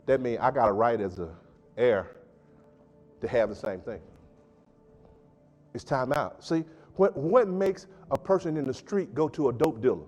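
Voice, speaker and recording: A man pastor preaching a sermon with emphatic call-and-response delivery, swinging between loud and soft. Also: mid-range voice, animated, normal speed, dull audio, faint music behind. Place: church sanctuary. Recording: church hall with long reverb.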